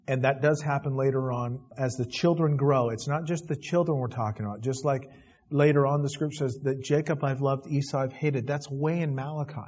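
A man's voice: mid-range voice, darkish tone, muffled recording. A man preaching a sermon, reading scripture aloud and then commenting in plain asides. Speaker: pastor. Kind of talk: expository sermon.

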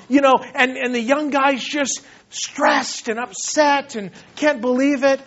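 Animated high-voiced male pastor preaching. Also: slow, few pauses, lo-fi sound. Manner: animated, laughing, acting out little voices. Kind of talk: sermon.

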